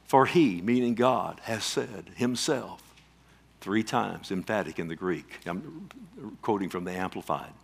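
A man's voice: fairly low pitch, animated, normal speed, creaky. Emphatic preaching man. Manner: emphatic, calls for responses, sudden loud swells and quiet drops. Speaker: pastor. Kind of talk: sermon.

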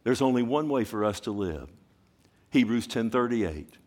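A man's voice: mid-range voice, expressive, normal speed. Impassioned male pastor preaching. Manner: impassioned preaching, swinging from hushed to loud emphatic. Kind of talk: sermon.

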